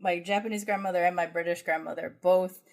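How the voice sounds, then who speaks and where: A woman's voice: on the low side, steady tone, fast, gravelly. An American woman co-hosting a podcast, telling a family story in a rambling, reflective, self-correcting way. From United States. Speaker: podcast co-host. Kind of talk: casual conversational chat.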